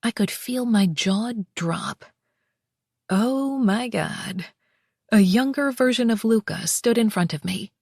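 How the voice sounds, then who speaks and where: Wry, expressive woman narrating a romance. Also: a little high, moderate pace, few pauses, slightly rough, no room sound, clean studio sound. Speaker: audiobook narrator. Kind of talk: first-person romance audiobook narration.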